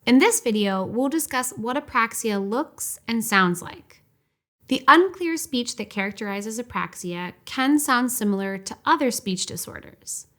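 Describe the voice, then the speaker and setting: A woman giving a scripted, clear and measured narration for an educational video. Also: a little high, animated, a bit bright. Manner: clear, measured, instructive delivery.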